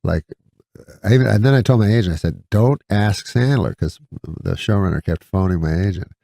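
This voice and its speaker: A comedian talking as a guest, telling meandering anecdotes in a deadpan way and chuckling at his own stories. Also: deep voice, fast, vocal fry, no echo. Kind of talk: casual anecdote storytelling.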